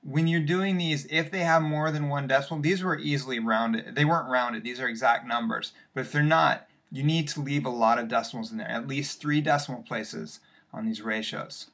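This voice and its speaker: A man's voice: mid-range voice, normal speed, vocal fry, fairly bright tone. A male math teacher walking patiently through worked examples in a recorded lesson, step by step with occasional fillers.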